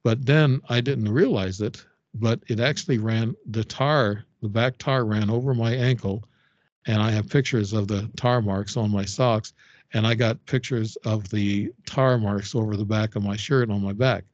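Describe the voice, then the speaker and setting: An older man, a podcast guest and author, telling a personal story in a halting, rambling way with many fillers and restarts. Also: on the low side, steady tone, no echo. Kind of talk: casual storytelling interview. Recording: dull, dry lo-fi audio.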